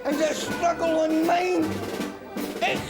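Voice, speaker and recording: A man's voice: very high voice, little pitch movement, slow. A man playing an overeager drunk who fawns over Scots in a gushing, overfamiliar way. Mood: rousing. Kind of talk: sitcom acting. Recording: sitcom audio over loud music and crowd.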